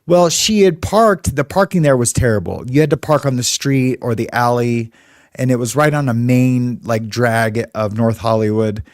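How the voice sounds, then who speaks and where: A man's voice: mid-range voice, normal speed, no echo, studio quality. A middle-aged man from California, hosting and telling a story in a casual, rambling way. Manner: rambling, conversational, many fillers. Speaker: host.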